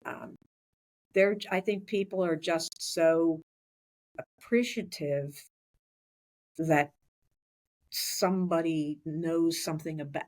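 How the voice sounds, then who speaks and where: A woman's voice: low-pitched, a little mellow. A woman in her sixties, a school superintendent, talking in a chatty way with many restarts in a podcast interview. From Philadelphia area, USA.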